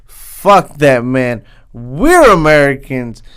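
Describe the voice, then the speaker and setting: Fired-up young man ranting, smooth voice. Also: medium pitch, very animated, takes it slowly, a bit bright. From Southern California. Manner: heated, swears constantly, says "man" a lot. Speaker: podcast host. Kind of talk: profane comedic rant.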